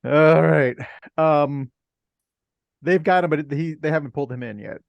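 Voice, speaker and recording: A man playing a tabletop game, easygoing and slow-spoken, laughing often. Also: on the high side, creaky, no room sound, lo-fi sound. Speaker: player. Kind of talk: casual tabletop play.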